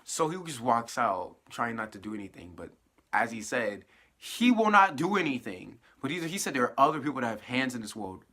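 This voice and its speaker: A late-teen young man rattles through an episode recap in a loose, sweary, animated way. His pitch swings widely from phrase to phrase. The voice itself sounds bright and a little tense. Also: brisk. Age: late teens. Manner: animated, profane storytelling with fillers. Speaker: TV episode reviewer. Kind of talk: casual spoilery recap.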